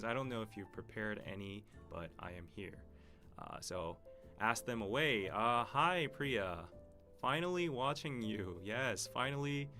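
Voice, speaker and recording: A man, hosting a relaxed live-stream Q&A and reading out viewer comments. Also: on the low side. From Korea. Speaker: podcast host.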